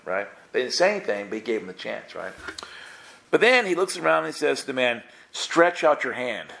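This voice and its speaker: A man giving casual, playful Bible teaching, acting out the characters in quick voices. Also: medium pitch, expressive, vocal fry, fairly bright tone.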